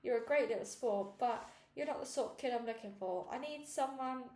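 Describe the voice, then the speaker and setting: A woman's voice: on the high side, a little fast, dark tone, roomy sound, lightly acted. A woman reading aloud, voicing a pushy, dismissive male TV director who calls children sweetie. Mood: brisk.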